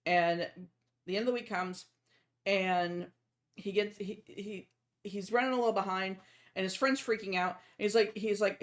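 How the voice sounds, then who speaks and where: A young adult woman streaming a game, chatting casually and telling a joke with lots of laughter and swearing. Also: mid-range voice. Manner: laughs often, swears, lively storyteller.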